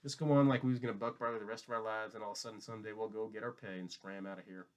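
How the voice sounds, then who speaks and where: A man voicing a small, sharp, protective male ranch hand who talks in an urgent, clipped way. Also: on the low side, steady tone, rapid-fire, lightly acted. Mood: hushed.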